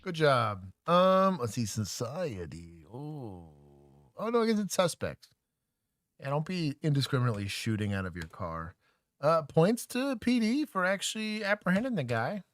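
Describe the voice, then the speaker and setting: A man's voice: on the high side, sing-song, normal speed. A man from Texas co-hosting a livestream, reacting to police bodycam footage with joking, wry commentary. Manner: joking, wry, laid-back banter.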